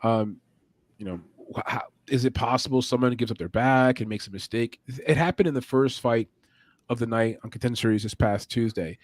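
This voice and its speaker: A man's voice: medium pitch, a little fast, dry recording. A man hosting a sports betting show, talking animatedly through fight picks and odds. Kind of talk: casual sports betting chat.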